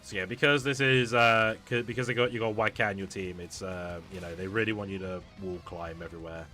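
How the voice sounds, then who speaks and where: A man's voice: fairly low pitch, fairly even intonation, a little fast, bright, forceful tone, soft background music. A man streaming a video game, chatting casually with many fillers, restarts and laughs.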